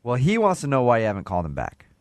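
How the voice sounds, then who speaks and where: A man's voice: medium pitch, wildly swooping pitch, racing, no echo. A man hosting a morning radio show, joking and teasing his callers.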